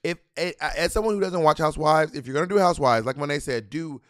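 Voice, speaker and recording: A man's voice: a little high, quick pace, no echo, clean studio sound. A man co-hosting a casual podcast review of a TV show, rambling and acting out quoted voices. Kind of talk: casual chat.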